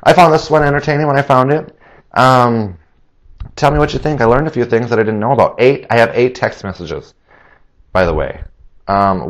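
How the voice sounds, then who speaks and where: A man hosting a solo podcast, a little nasal, chatty and rambling, laughing at his own jokes. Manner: acts out quoted voices in a higher pitch. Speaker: podcast host.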